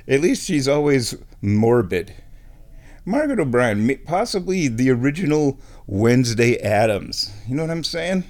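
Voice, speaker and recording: A man hosting a casual show at his microphone, playful, dropping into high baby talk for his cat. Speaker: radio host. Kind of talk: casual chat. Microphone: studio microphone.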